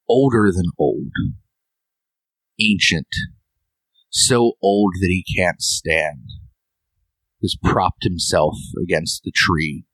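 A man narrating as game master, describing a scene in slow, drawn-out phrases. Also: low voice, fairly bright tone, no room sound, poor audio.

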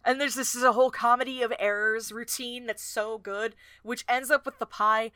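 A woman co-host chatting casually about a book, retelling scenes with plenty of fillers. Her voice is bright and a touch high. The sound is dry and close. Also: fairly even intonation, normal speed, dry recording. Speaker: podcast co-host. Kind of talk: casual book-discussion chat.

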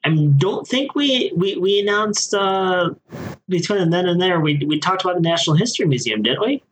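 A man's voice: sits high, expressive, moderate pace, a bit bright, slight background noise, low-quality recording. A man hosting a casual podcast, upbeat and steering the conversation with questions. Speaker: podcast host.

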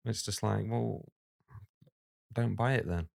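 A man speaking as a guest illustrator in a casual podcast conversation, outspoken and blunt, getting animated when something riles him. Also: on the low side, slow, vocal fry.

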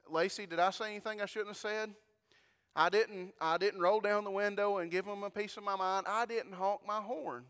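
In a church with long reverb, a pastor preaches a sermon in a high, fairly bright, clean voice. He tells a folksy story and addresses his congregation directly.

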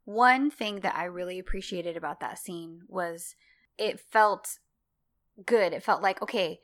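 A woman's voice: fairly low pitch, measured pace. A woman co-hosting a casual podcast, reacting and chiming in about a TV drama. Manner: reactive, agreeing, short interjections. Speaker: podcast co-host. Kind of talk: casual chat.

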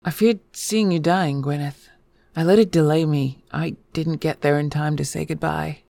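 A woman voicing an elegant young male fae who speaks haltingly and with sorrow. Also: deep voice, fairly even intonation, gravelly, dark tone, no room sound. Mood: grieving.

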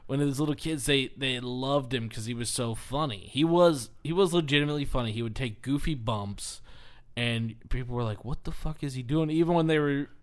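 Male co-host, mid-pitched, casual chat, animated storyteller who laughs a lot. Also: a little fast, clean tone. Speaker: podcast co-host.

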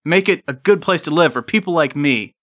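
A man's voice: fairly high pitch, fairly quick, a bit bright. A man improvising a comedy scene as a playful narrator.

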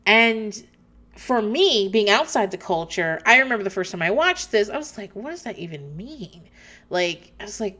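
Animated woman chatting candidly. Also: mid-range voice, normal speed. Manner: animated, candid, with frequent restarts and laughs. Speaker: host recapping a TV show. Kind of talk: casual chat.

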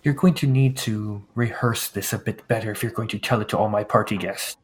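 A man voicing a pompous, fussy noble lord in a tabletop game, talking in a slow, theatrical aristocratic drawl. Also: on the low side, natural voice. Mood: insistent.

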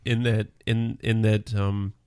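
Low-voiced reflective podcast co-host. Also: male voice, level tone, slow, darkish tone, smooth, no echo, clean studio sound. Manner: reflective, hesitant, many restarts. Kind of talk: casual chat.

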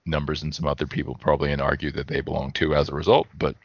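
A man's voice: a bass voice, flat delivery, rapid-fire, no room sound, highs cut off. A man co-hosting a podcast in casual chat, thinking aloud and correcting himself as he goes. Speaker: podcast co-host.

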